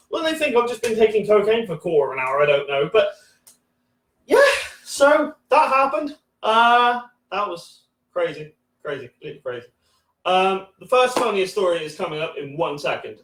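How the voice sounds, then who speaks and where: A man's voice: high voice, fairly bright tone. A man in his thirties telling rambling, sweary stand-up stories with lots of ums and restarts. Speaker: stand-up comedian. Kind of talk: stand-up comedy livestream. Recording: echoey room, far from the mic.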